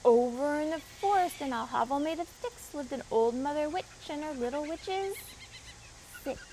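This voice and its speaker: A woman reads a children's picture book aloud in a high, bright-pitched voice, turning to the young listeners with questions between pages. Her storytime delivery is expressive. Faint outdoor sounds with birds drift in behind her. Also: normal speed, a little hiss or hum, rough recording. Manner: expressive reading with asides to the children. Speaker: children's librarian.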